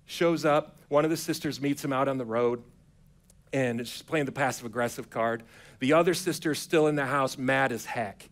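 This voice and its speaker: A man's voice: medium pitch, normal speed. Casual storytelling male preacher. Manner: casual storytelling preacher who acts out quotes in a relaxed, modern voice. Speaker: pastor. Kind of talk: sermon. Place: church sanctuary.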